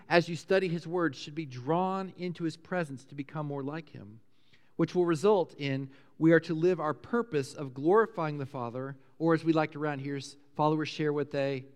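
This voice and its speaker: A middle-aged man preaching a sermon as a pastor, conversational and animated, rising loud and high when excited. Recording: preached in a church, long reverb.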